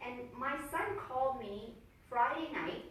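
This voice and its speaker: A middle-aged woman telling stories to a small group in a chatty, animated way, laughing often and tagging her sentences with "right?". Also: high voice, unhurried, slight background noise. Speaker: health coach. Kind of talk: casual storytelling to a small group. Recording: very echoey room, mic far off.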